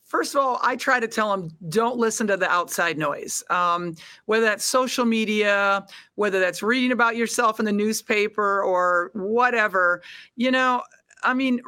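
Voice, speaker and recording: A middle-aged woman with a Midwestern American accent, talking as a coach on a podcast. Her voice is bright and forward, and it sounds dry and close to the mic. She is frank and chatty. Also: medium pitch, moderate pace, clean tone, no room sound. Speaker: head basketball coach, guest. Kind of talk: casual interview chat.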